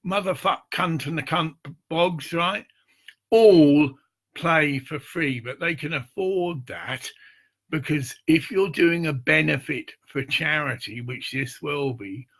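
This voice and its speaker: Slow, gravelly man rambling to camera. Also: fairly high pitch, pushed and bright. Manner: meandering, profane, repeats "see" and "get it". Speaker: charity promoter. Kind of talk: rambling informal pitch to camera.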